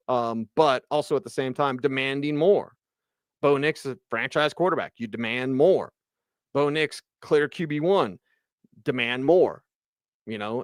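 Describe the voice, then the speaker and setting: A man hosts a postgame show by himself, talking football in a loose, animated way as he reads out the live chat. His voice sits in a middle range and sounds close and dry, with no room echo. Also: medium pitch. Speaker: sports radio host. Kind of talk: solo postgame livestream recap.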